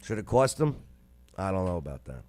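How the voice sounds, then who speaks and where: A man's voice: low voice, very animated, fairly quick, a little mellow, no room sound. A man hosting a show, giving casual, sarcastic commentary on a news clip and repeating phrases for emphasis. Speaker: show host.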